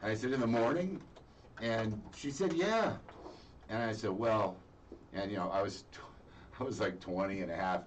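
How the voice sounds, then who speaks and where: A man's voice: on the low side, steady tone, normal speed. A middle-aged man telling a story in casual chat on a radio show, acting out the voices of the people in it. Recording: distant mic with faint noise.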